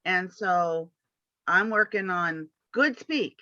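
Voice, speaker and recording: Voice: mid-range voice, measured pace, pushed and bright, dry recording, dull audio. A puppy raiser in a training class, explaining in a conversational way with small restarts.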